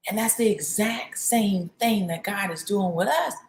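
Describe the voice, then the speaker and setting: Chatty woman, echoey room. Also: mid-range voice. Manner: conversational, acts out her family's lines in quick bursts. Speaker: host of a faith talk show. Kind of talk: casual devotional talk. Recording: roomy echo.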